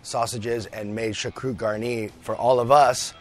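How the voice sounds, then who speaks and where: A man from British Columbia, a chef, chatting as a guest in a radio studio, relaxed and friendly with lots of small hesitations. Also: medium pitch, moderate pace, faint music behind. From British Columbia, Canada. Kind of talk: casual radio interview.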